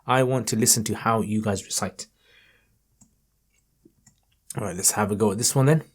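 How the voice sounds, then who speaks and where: A man teaching viewers to read the Quran, speaking in a friendly, encouraging way straight to them and drawing out his recited words slowly. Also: fairly low pitch, breathy edge. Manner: slow, stretched chanting in recited passages. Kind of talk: recitation lesson.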